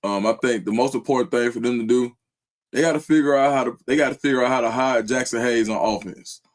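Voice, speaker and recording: A man co-hosting a live sports talk stream, measured and analytical, with frequent restarts. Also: medium pitch.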